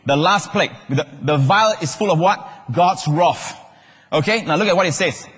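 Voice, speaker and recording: Animated preacher man, husky voice. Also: fairly high pitch, moderate pace. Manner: animated, calls out questions and shouts key words. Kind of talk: sermon. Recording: long hall reverb.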